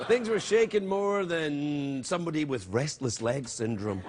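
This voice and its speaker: A man's voice: a little high, lively intonation, measured pace. A middle-aged man with a Scottish accent hosting a late-night talk show, delivering a jokey monologue in a slightly scratchy voice with mock-outraged outbursts. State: scratchy, throat-clearing voice. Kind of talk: comedic monologue and banter. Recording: TV studio with loud audience.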